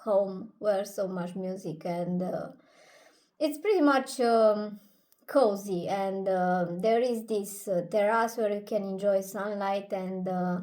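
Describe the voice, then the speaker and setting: A woman's voice: mid-range voice, slow, mellow. A woman telling a casual personal anecdote, hesitant, with many fillers and laughs between phrases. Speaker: storyteller.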